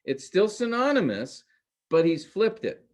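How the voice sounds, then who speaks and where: A man's voice: high voice, big pitch swings, a little slow, darkish tone. A man teaching a Bible class in a recorded lecture, explaining step by step and asking rhetorical questions. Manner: explanatory, addresses class as guys and men; repeats points with rhetorical questions.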